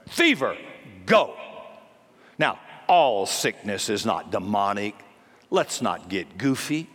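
A man preaches with blunt force, mixing jokes with sudden commands. His voice sits at an ordinary male pitch. It carries a long reverb from a large church hall. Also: a bit bright. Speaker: pastor. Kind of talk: sermon.

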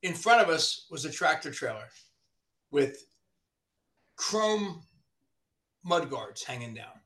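A man, a body shop owner from the New Jersey area, ranting in casual podcast chat, profane and animated. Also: a little high, slow pace.

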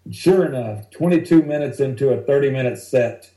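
A male stand-up comedian telling rambling, animated stories from the road in a casual interview. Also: medium pitch, brisk, echoey room, poor audio. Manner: animated, rambling anecdotes that act out other people's lines.

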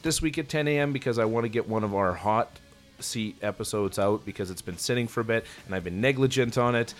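Low-voiced laid-back man. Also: quick pace, soft background music. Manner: laid-back, plugs his channels. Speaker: podcast guest. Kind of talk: casual chat.

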